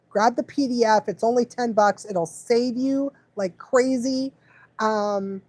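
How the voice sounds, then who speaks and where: Chatty woman livestreaming, high voice. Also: a little mellow, no echo. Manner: rambling, laughs often, goes off on tangents. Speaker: dog trainer and live stream host. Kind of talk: casual live stream chat.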